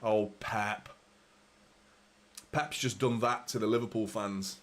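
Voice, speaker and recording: A man's voice: on the low side, fairly even intonation, takes it slowly, pauses often, a bit bright. A young man hosting a live football watchalong, commentating with frustration, swearing and talking to his viewers. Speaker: fan channel host.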